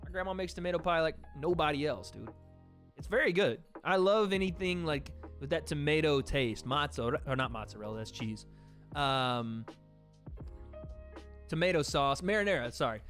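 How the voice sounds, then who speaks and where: Chatty Southern streamer man, higher voice. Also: lively intonation, normal speed, fairly bright tone, faint music behind. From American South. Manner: chatty, laughs often, trails off and restarts. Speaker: streamer hosting a watch party. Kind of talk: casual livestream chat, reading donations.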